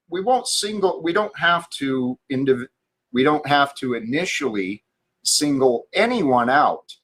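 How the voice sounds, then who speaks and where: Host: unhurried man, earnest, stops and restarts sentences mid-thought. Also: a little high, fairly bright tone. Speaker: stream host. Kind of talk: casual talk stream.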